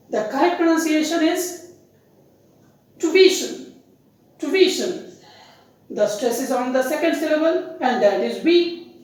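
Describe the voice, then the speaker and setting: A woman teaching pronunciation, spelling out words letter by letter in a slow, deliberate way. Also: sits high, a little mellow, distant mic. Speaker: English teacher. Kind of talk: pronunciation lesson. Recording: very echoey room, voice off-mic.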